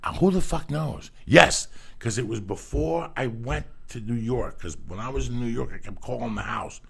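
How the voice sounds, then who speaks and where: A man telling personal stories in a casual talk, animated and profane, acting out what people said. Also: mid-range voice, moderate pace, creaky, slightly rough. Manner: profane, animated storytelling, acts out quotes. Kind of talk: casual storytelling chat.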